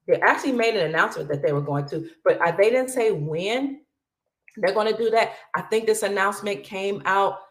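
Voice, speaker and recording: A woman's voice: medium pitch, a little fast, echoey room. Middle-aged woman host, casual commentary, chatty, reads items aloud, calls viewers family.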